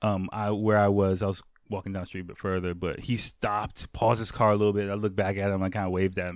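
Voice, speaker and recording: A man's voice: on the low side, fairly even intonation, a little fast, no echo, studio quality. Laid-back American man telling a story. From United States. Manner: laid-back, full of fillers, laughs often. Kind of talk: casual anecdote.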